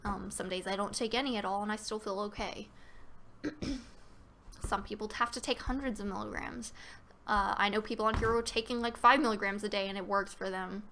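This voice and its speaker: A woman's voice: medium pitch, sharp tone, a little hiss or hum. A woman hosting a casual live-stream Q&A, talking loosely with many fillers and restarts and reading viewer questions aloud.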